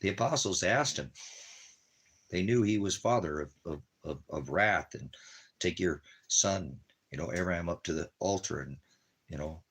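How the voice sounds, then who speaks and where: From home in the desert, a man with a very low, husky, slightly bright voice rambles repetitively at normal speed, in an offhand home-vlog way. He dotes on his dog with baby-talk, then moves into religious preaching.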